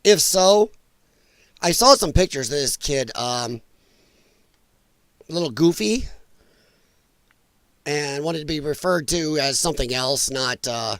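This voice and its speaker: Man, livestream host, coughing, sore throat, blunt, exasperated, animated pitch, dry close sound. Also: slow pace, long pauses, dry recording. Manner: blunt, exasperated, frequent apologies. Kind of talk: casual political commentary livestream.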